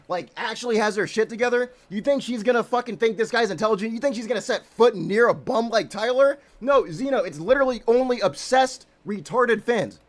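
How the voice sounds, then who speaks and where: High-voiced man ranting crudely. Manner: crude, mocking, sarcastic. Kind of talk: ranting in a recorded video.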